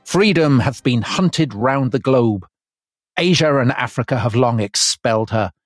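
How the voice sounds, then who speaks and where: A man voicing a fiery male 18th-century pamphleteer, declaiming in grand, slow, rising cadences. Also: mid-range voice, expressive, no echo, clean studio sound, soft background music. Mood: rousing.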